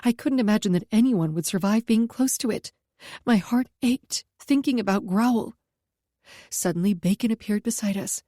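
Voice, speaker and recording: A woman reading a first-person story aloud at a steady pace, close to the mic. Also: medium pitch, normal speed, no room sound. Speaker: audiobook narrator.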